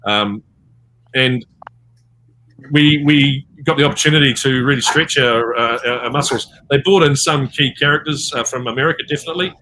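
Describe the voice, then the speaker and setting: A man's voice: mid-range voice, normal speed, background noise. A man with a New Zealand accent, a voice actor telling rambling stories with many fillers in a panel interview over a video call. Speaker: voice actor guest.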